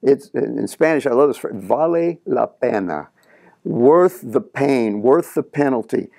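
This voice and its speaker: A middle-aged male pastor preaching a sermon in an animated way, acting out the prayers he quotes. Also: mid-range voice, unhurried, creaky, no echo, studio quality.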